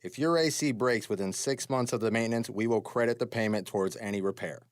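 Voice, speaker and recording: A male business owner reading his own radio ad in a steady, reassuring way. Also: lowish voice, quick pace, no room sound, clean studio sound. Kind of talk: radio ad read.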